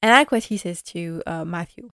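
A woman with a lowish, brisk, slightly bright voice recaps a TV episode in a casual vlog, recorded at studio quality with no echo. Chatty and enthusiastic, she laughs often and acts out the characters' lines.

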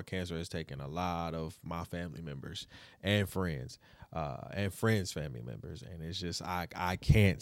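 A man's voice: low-pitched, dry recording, clean studio sound. A man hosting a casual opinion podcast, talking. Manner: relaxed and conversational, with many fillers and repeats. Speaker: podcast host.

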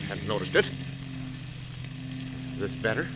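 An actor playing a grumbling, jealous husband in a 1940s radio comedy, on an old broadcast recording. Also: male voice, lowish voice, lively intonation, a little slow, noisy background. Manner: sulky, grumbling. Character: grumpy, jealous middle-aged husband Oliver.

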